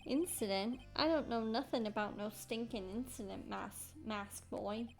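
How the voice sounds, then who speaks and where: A hot-headed male thug with a Brooklyn accent, read out by a woman. He talks rough and menacing, with slow, drawn-out threats. Her voice sits a little high for him. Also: darkish tone, soft background music. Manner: rough, threatening, bad grammar.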